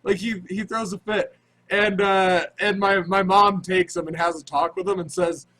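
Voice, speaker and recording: A man in his thirties telling a story to his Twitch chat, rambling and excitable with lots of restarts. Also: high voice, normal speed, poor audio. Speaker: Twitch streamer. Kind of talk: casual storytelling to stream chat.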